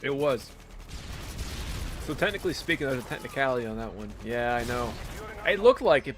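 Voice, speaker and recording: A man chatting casually with viewers in a relaxed, talkative way while playing online games on a live stream. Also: medium pitch, fairly quick, long pauses. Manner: relaxed, chatty, talks to viewers mid-game.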